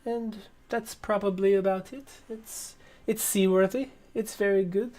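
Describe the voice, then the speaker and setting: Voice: mid-range voice, steady tone, darkish tone, voice pushed up, close to an everyday voice. A game master doing a sly, wheedling dock merchant. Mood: evasive. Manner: wheedling, halting and stammering. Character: haggling male dock merchant, sly and greedy. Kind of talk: tabletop role-play character voice.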